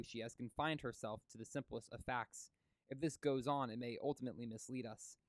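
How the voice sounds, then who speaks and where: A man reading a classic novel aloud, steady with occasional stumbles and restarts. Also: medium pitch, no echo. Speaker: audiobook reader.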